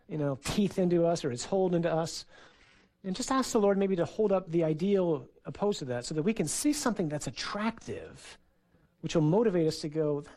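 A man's voice: fairly high pitch, a little mellow. A man who is a priest, giving a sermon in a conversational, storytelling way for a radio program. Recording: radio broadcast.

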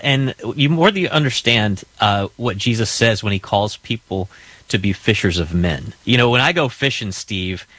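A male host on a radio talk show, asking questions in a relaxed, folksy way. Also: on the low side, no room sound.

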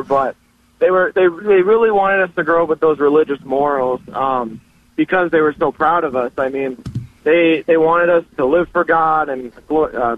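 A man's voice: a little high, dry recording. A young man in his early twenties calling in, talking earnestly about family and faith with many small restarts. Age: 20s. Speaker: caller. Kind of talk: casual call-in chat. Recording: tinny phone line.

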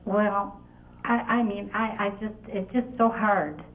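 A woman calling in to a show, speaking haltingly with many stammers and restarts, full of emotion. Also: medium pitch, fairly even intonation. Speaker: caller. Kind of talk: phone-in conversation. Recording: tinny phone line with faint noise.

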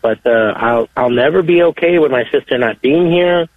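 Male caller, mid-pitched, halting and repetitive, on a dry, thin phone line. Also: no room sound. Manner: halting, repeats his words. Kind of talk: call-in radio phone call. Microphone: telephone.

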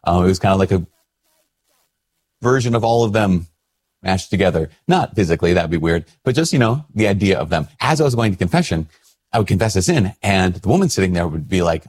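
A man's voice: sits low, animated, fairly quick, a little mellow, slightly rough. A male priest in a casual, reflective talk to camera, chatty and self-deprecating as he tells a story.

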